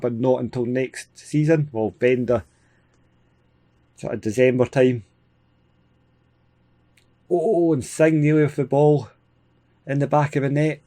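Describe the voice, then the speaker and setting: A Scottish man hosting a gaming video, giving casual, excitable play-by-play with frequent chuckles. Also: mid-range voice. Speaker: gaming channel host. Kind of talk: casual let's-play commentary.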